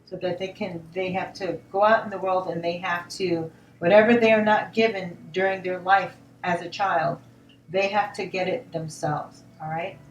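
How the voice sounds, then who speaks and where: A woman giving a spoken tarot reading in a gentle, reassuring tone, often repeating words and asking "all right?". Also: on the low side, steady tone, normal speed, highs cut off. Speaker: tarot reader. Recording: roomy sound from a distance, faint noise.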